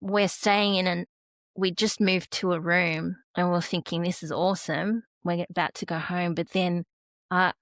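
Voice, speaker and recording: A woman's voice: on the low side, little pitch movement, a little slow, no room sound. An Australian woman, a podcast guest, telling an emotional personal story. She is close to tears and often restarts her sentences.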